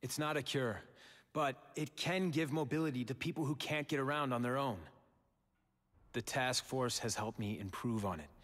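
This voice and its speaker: A man plays a gravely ill industrialist in a video game scene, somber and guarded. He speaks in a measured way at a mid pitch. A long reverb tail trails each line. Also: a bit bright, lightly acted. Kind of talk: video game cutscene dialogue.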